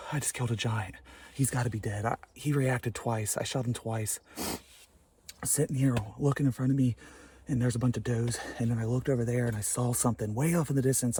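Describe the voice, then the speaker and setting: A man talks to his camera from a hunting blind outdoors, breathless and excited as he goes back over the moment. His voice sits a little high and has a husky edge. He keeps repeating himself, half-whispering at times, captured on a camera mic. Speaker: hunting vlogger.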